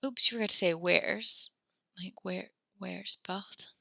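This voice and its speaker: A young woman teaching a French class over a video call from home, upbeat and encouraging as she gently corrects her students. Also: medium pitch, slow, gravelly, dry recording. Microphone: computer mic on a video call.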